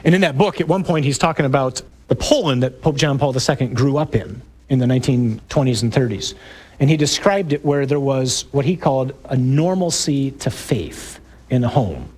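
A middle-aged priest giving an emphatic talk to a parish group, building up to loud exclamations. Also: male voice, mid-range voice, animated, normal speed, breathy edge.

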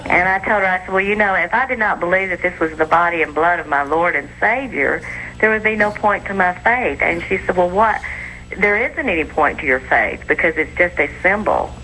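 A woman in her forties calls in and tells her story earnestly, one step at a time. Her voice is low and bright, and it comes through a thin phone line with faint hiss. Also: fairly quick. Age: 40s. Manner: earnest, recounts a dispute step by step. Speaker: caller. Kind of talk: phone-in caller telling a story.

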